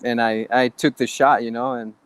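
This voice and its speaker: A man's voice: mid-range voice, level tone, normal speed, smooth, no room sound. A man, an actor guest in an interview, talking earnestly with many restarts and halts. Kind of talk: interview conversation.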